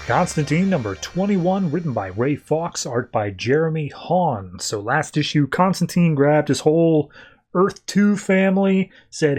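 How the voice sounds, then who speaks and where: Male podcast host, slightly high voice, casual conversational comic recap. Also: animated, normal speed, darkish tone, faint music behind. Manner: loose conversational retelling, acting out quotes in a raised voice.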